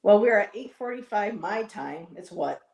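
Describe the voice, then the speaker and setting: Over a loud crowd, a western New York woman with a Buffalo accent speaks at normal speed in an animated, gravelly, mid-range voice. She co-hosts a casual live-stream chat, telling stories and imitating others in her anecdotes, with roomy echo.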